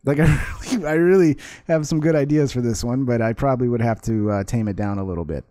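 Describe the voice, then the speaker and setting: A man's voice: mid-range voice, fast talker, dark tone. A man casually commenting on a video at home, laughing, swearing and mocking as he talks to his dog.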